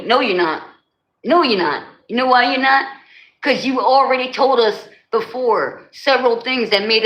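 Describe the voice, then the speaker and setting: Bright-voiced woman chatting with her stream. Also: mid-range voice. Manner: chatty, teasing, laughs often. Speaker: livestream host. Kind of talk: casual live chat with viewers. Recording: echoey room.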